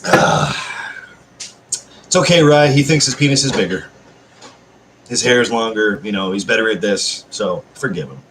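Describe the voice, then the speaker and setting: Man streamer, lowish voice, rambling and foul-mouthed, chats at home with faint noise behind. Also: moderate pace, a bit bright. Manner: rambling, profane, swears constantly; chatty, reads out and answers chat messages. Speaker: live-stream host. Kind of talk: casual live-stream chat with viewers. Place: at home, seated.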